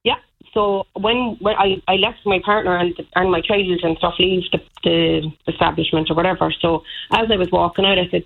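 A woman's voice: on the low side, steady tone, fairly quick, gravelly, breathy edge. Woman on a tinny phone line. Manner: indignant, rambling with many fillers. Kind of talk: telling a personal story.

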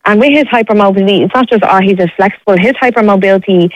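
A woman's voice: mid-range voice, very fast, no room sound, rough recording. An Irish woman in her young adult years phones in to a radio show. She speaks in a dry, close sound, pleading and emotional, her voice breaking with tears at times. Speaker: radio caller.

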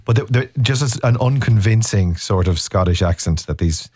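A man's voice: fairly low pitch, lively intonation, darkish tone, slightly rough, no echo, studio quality. A man interviewing a guest in a casual chat, rambling and restarting his sentences often. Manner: rambling, halting, many restarts.

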